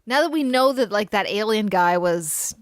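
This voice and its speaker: A woman guest-hosting a podcast in casual chat, animated and blunt, quick to laugh. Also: medium pitch, dry recording, clean studio sound.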